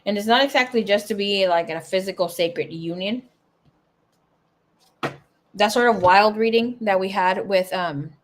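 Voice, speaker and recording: A young adult woman giving a casual tarot reading, chatty and emotional, swearing and tearing up as she talks. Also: mid-range voice. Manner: emotional, swears, laughs and tears up. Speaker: tarot reader.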